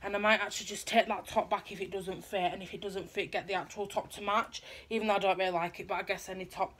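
A woman's voice: mid-range voice, steady tone, fast, a bit bright, slight background noise. A young woman chatting through a shopping haul in a rambling show-and-tell manner, recorded at home. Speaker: vlogger showing a haul. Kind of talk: casual chat.

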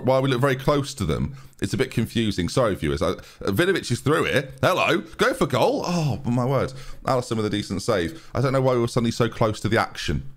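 Sarcastic man commentating a game. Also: on the low side. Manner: sarcastic, self-mocking, rambling with frequent restarts. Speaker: gaming YouTuber. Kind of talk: live commentary over a football management game.

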